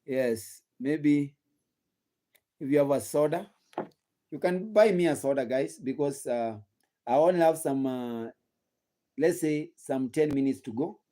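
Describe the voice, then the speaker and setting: A man's voice: on the high side, measured pace, pauses often, warm tone. A young man with a Kenyan accent hosting a gossip channel in casual live-stream commentary, asking the viewers rhetorical questions and repeating himself while sleepy and yawning. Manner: rhetorical questions to the audience, repetitive.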